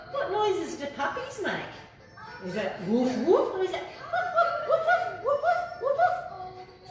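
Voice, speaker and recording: A woman from Australia leading a children's yoga class, playful and encouraging, joining in with animal noises. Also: high-pitched. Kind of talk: guided kids' yoga class. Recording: echoey room, distant mic, music behind.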